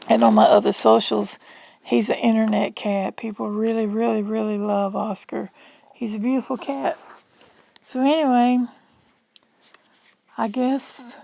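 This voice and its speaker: Gravelly Southern woman rambling casually. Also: a little high, mellow, dry recording, low-quality recording. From Southern United States. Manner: chatty and rambling, folksy. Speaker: vlogger.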